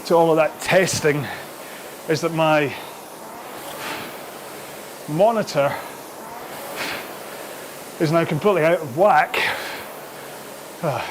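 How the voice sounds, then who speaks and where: A man's voice: fairly high pitch, slow pace, long pauses, noisy background. A man hosting a live rowing workout, chatty and out of breath between sprints, on a throat-worn microphone in his home studio. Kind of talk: live follow-along workout chat.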